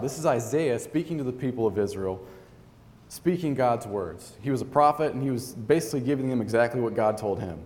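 A man's voice: mid-range voice, animated, brisk, a little mellow, long reverb tail. A man preaching a sermon, reading scripture aloud and telling stories in an earnest, conversational way.

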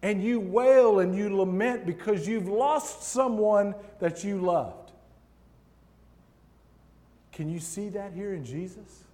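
A guest preacher with a high, dark-toned voice delivers a sermon, reading scripture with slow, emphatic pauses. He speaks in a large hall, and the recording carries long reverb.

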